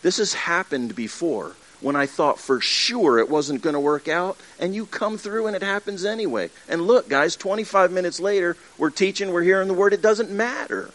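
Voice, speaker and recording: A pastor addresses his congregation in a livestreamed church service, earnest yet chatty, frequently restarting and acting out asides. His high, slightly bright voice keeps a normal speed with few pauses.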